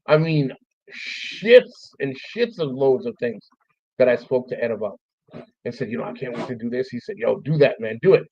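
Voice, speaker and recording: A man's voice: medium pitch, expressive, moderate pace, gravelly, darkish tone, slightly rough, no echo. A man hosting his own stream, talking casually about a lost friend, swearing freely and thanking listeners by name. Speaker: podcast host. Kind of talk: casual memorial monologue. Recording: dull, dry, lo-fi stream audio.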